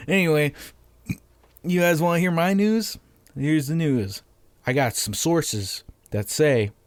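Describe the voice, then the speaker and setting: A man hosting a casual solo podcast from home, monotonous and deadpan sarcastic, swearing freely into a microphone on a stand. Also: medium pitch, no room sound. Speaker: podcast host.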